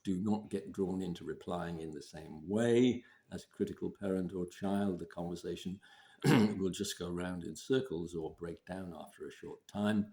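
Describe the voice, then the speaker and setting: A man giving relationship advice in a measured way, often clearing his throat and repeating points for emphasis. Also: low-pitched, warm tone. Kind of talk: advice talk to camera.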